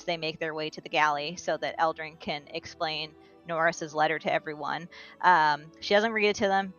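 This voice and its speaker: Woman w/ lowish voice recapping last session, kinda muffled lo-fi audio, music faint behind. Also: fairly bright tone. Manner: brisk storytelling recap. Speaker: player giving a recap. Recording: dull lo-fi sound.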